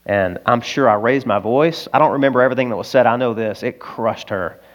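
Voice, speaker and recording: A male pastor with an Arkansas accent, preaching a sermon in an earnest, confessional storytelling manner that rises to loud, emphatic peaks. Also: medium pitch, fairly quick, muffled recording.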